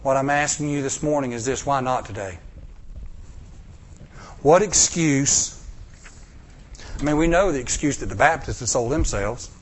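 A male preacher, telling a story in a sermon, acting out voices and swinging from loud bursts to hushed lines. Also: medium pitch, unhurried, long pauses, a little hiss or hum.

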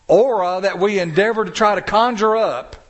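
A male preacher delivering a sermon, stressing words slowly and telling stories to the congregation. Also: high voice. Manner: emphatic, drawn-out stresses, storytelling.

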